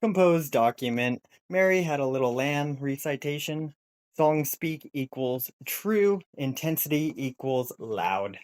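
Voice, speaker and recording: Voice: medium pitch, lively intonation, unhurried, a little mellow, smooth. A tutorial host talking casually and wryly, reading out typed commands. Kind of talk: casual screen-recorded tutorial.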